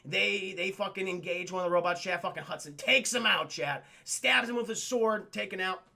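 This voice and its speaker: A man giving casual, profane, animated stream commentary while reviewing a cartoon for his chat. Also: sits high, normal speed, gravelly.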